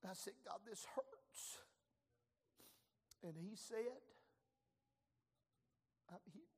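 Older pastor, high gravelly voice, folksy storyteller who erupts into shouted prayer, long church reverb. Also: male voice, slow. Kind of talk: sermon.

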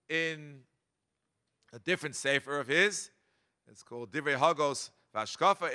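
An older man in his seventies teaches a Torah class and mixes in memories from his youth. His voice sits high and sounds bright and forceful. He leans into key words with dramatic emphasis. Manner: animated, dramatic emphasis, frequent Hebrew and Yiddish terms. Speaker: cantor. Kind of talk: Torah lesson with personal memories.

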